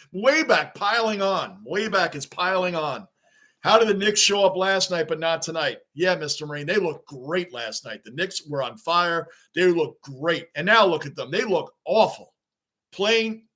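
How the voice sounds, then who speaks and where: A man hosting a live sports reaction stream, excitable and rambling as he answers viewers' chat. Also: sits high. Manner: excitable, talks back to chat comments, rambling.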